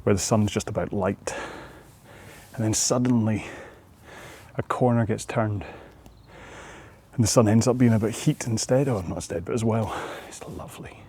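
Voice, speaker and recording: A man's voice: lowish voice, moderate pace, warm tone, breathy edge. A man coaching a follow-along rowing workout outdoors, chatting in a rambling, friendly way with self-deprecating asides.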